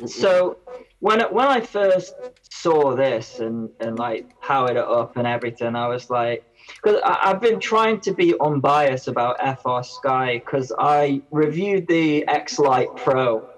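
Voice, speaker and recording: A man's voice: medium pitch, expressive, a little slow, rough recording. A man, a guest on a casual podcast, who rambles and often breaks off mid-sentence. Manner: rambling, self-interrupting. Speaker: guest reviewer.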